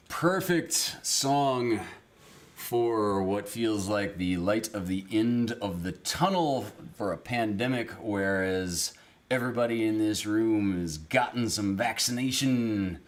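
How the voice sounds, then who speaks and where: A man's voice: lowish voice, animated, slow pace. A man hosting a live music stream from a small cabin room, casually greeting viewers in the chat by name and chuckling at himself. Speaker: livestream music show host. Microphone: streaming camera setup at home.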